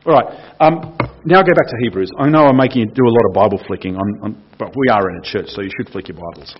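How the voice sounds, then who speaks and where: A man's voice: medium pitch, expressive, fast, husky, lo-fi sound. A man preaching a casual sermon in church, explaining a passage, reading it aloud and putting questions to the congregation.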